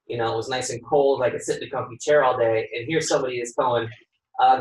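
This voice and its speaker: A man who works as a home inspector, a guest on a podcast, telling lively stories, acting out the dialogue and laughing often. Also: medium pitch, quick pace. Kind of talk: podcast interview storytelling. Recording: roomy sound from a distant mic.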